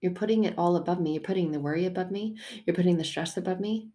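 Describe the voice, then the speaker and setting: A woman voicing Jesus as a calm, gentle man who speaks softly and reassuringly. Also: fairly low pitch, natural voice. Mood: patient. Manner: soft, reassuring, unhurried. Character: calm, gentle, patient adult male Jesus.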